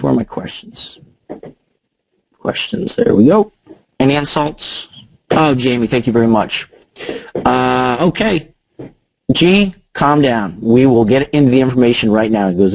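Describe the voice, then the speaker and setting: A man's voice: medium pitch, no room sound, low-quality recording. A man presenting a casual live trading webinar from his home office. He talks informally, with lots of fillers and restarts.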